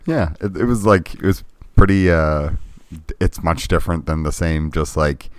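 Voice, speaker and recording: A man's voice: sits low, normal speed, no echo, studio quality. A man co-hosting a casual retro gaming podcast, talking in a laid-back, hesitant way with lots of ums and restarts. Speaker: podcast co-host. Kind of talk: casual chat about retro games.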